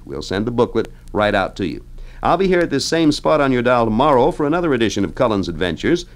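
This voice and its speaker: Breezy man hosting a radio trivia spot. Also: medium pitch. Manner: breezy, folksy, chatty delivery with asides. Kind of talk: scripted radio trivia segment. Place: radio studio.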